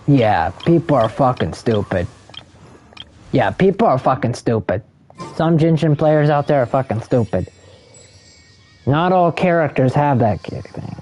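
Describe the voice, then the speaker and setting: Brief: angry profane male streamer mid-rant, mid-pitched, game music underneath. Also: lively intonation, unhurried, pauses often, darkish tone. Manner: angry, heavily profane, ranting. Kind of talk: ranting gameplay commentary.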